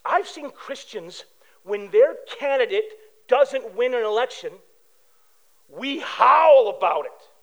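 A man from preaching a sermon as pastor, animated and telling stories with acted-out quotes. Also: very high-pitched, takes it slowly, low-quality recording.

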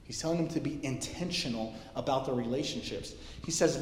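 A man preaching a casual sermon, telling stories with lively quoted voices. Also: mid-range voice, a little fast, few pauses. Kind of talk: sermon with storytelling. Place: church hall. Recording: echoey hall, heard from a distance.

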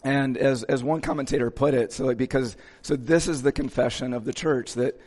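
A man's voice: medium pitch, steady tone, fairly quick, darkish tone. Man preaching in an echoing hall. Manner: casual, checks in with listeners. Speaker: pastor. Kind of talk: conversational sermon.

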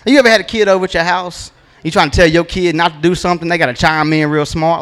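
A man's voice: a little high, fairly even intonation, quick pace, fairly bright tone. A man, doing a stand-up comedy set in a laid-back, drawling storytelling manner with punchy asides, on a handheld stage mic.

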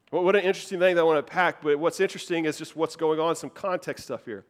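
A man in his thirties, a youth pastor, preaching a sermon and telling a lively story about himself, laughing at his own mishaps. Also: on the high side, quick pace, hardly any pauses.

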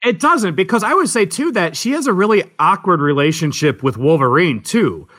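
A man with a bright, lively voice swings up and down in pitch as he shares blunt opinions on a film. He sounds animated and talkative in a relaxed podcast chat. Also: normal speed. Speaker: podcast co-host. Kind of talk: casual movie discussion.

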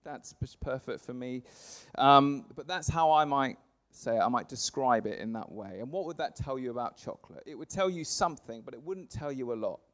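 A man, preaching a sermon to a congregation, punching words loudly then letting phrase ends fall soft. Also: mid-range voice, normal speed. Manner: lively, swings from loud emphasis to soft trailing phrase ends. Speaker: pastor. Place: church service before a congregation.

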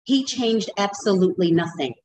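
A woman hosting a podcast, talking in a chatty, animated way and laughing often. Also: mid-range voice, normal speed, a little hiss or hum, low-quality recording. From United States. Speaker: podcast host. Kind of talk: casual interview chat.

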